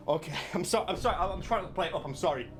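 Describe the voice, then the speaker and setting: A man reading a game guide aloud as a video creator, breaking into giggling fits and loud mock outbursts. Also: high voice, expressive, quick pace, faint music behind.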